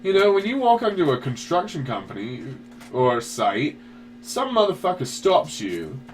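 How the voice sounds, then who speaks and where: A man's voice: fairly high pitch, huge pitch swings, moderate pace, faint music behind. A man explaining a point casually with frequent profanity. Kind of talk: casual chat. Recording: recording with faint hum.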